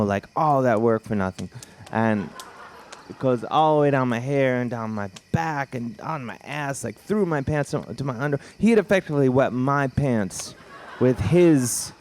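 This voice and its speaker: A man telling a funny story live to an audience, rambling and animated with lots of fillers. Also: medium pitch. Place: live event before an audience.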